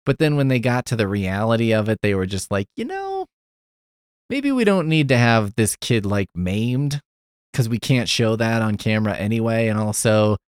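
A podcast host with a lowish, clean voice recaps an old TV episode casually and jokingly, swearing and doing quick character voices in animated storytelling. The studio sound is clean, with no echo.

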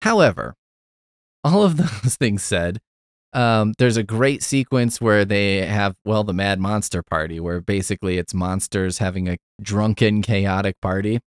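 A man's voice: on the low side, a little slow, clean tone, dry recording, studio quality. A man hosting a podcast, giving a rambling, profane, wry casual review of a film. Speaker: podcast host.

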